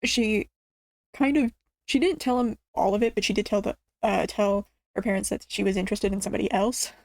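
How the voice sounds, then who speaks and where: A woman recapping a drama in a casual, excitable rant, rambling with lots of fillers and restarts. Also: mid-range voice, brisk, gravelly, no room sound. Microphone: studio mic.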